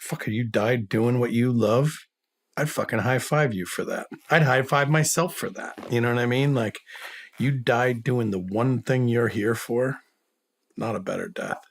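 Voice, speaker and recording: A middle-aged former soldier, guesting on an interview, tells stories bluntly in an animated, medium-pitched voice at normal speed. He swears constantly and acts out the people he quotes in this casual, profane storytelling.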